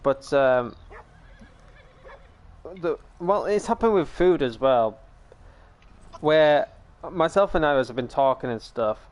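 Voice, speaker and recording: A young British man hosting a casual game stream, telling stories to his viewers and calling them ladies and gentlemen. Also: mid-range voice, animated, slow pace, long pauses. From Britain. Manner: chatty storyteller, addresses viewers as ladies and gentlemen. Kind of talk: casual gaming stream chat.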